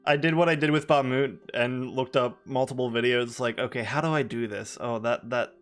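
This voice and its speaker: A man's voice: medium pitch, fairly even intonation, brisk, soft background music. A man casually chatting on a podcast, joking and self-deprecating. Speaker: podcast co-host and D&D player. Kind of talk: casual chat.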